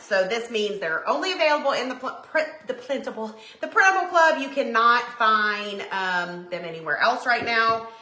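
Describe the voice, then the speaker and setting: Bright, gushing woman on a live stream. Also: medium pitch. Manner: chatty and gushing, addresses viewers as y'all. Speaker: livestream host showing craft printables. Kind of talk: casual live-stream chat. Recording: roomy echo.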